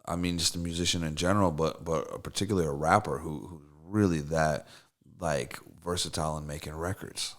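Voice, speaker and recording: With a very deep voice, a steady tone, and a brisk pace, a songwriter-producer rambles as a guest in a relaxed interview. His speech is profane and loose, riddled with fillers and false starts.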